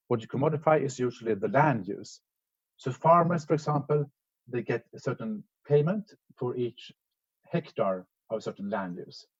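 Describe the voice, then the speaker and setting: Over an echoey video call, a man presents an academic lecture at a conference in a mid-range, slightly mellow voice. He's measured and explanatory, though he stumbles into restarts and hesitations quite often.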